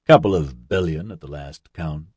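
A man's voice: sits low, animated, unhurried, no echo, studio quality. A man voicing a weary male executive who answers in short, tired replies. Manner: weary, clipped.

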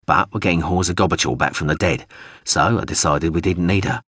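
A man reading a story, voicing a cautious, guarded man in a low-key way. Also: brisk, a bit bright, breathy edge, no room sound, studio quality. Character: guarded man in disguise, quietly wary.

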